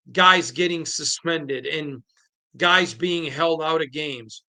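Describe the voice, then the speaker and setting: Man, sports podcast host, solo commentary, emphatic, bright tense voice. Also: a little high, slow. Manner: emphatic storytelling, retelling conversations.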